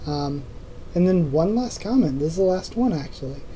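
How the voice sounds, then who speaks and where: Young adult vlog host, casual comment-answering chat, rambling, lots of ums, very dark mellow tone. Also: mid-range voice, lively intonation, normal speed, a little hiss or hum, low-quality recording. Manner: rambling, full of ums and restarts. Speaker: YouTube channel host.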